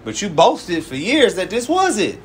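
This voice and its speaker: Here a man with a high voice whose pitch swoops wildly gives informal sermon teaching at normal speed. He's a church elder speaking emphatically and colloquially, frequently adding "man" to what he says, over slight background noise.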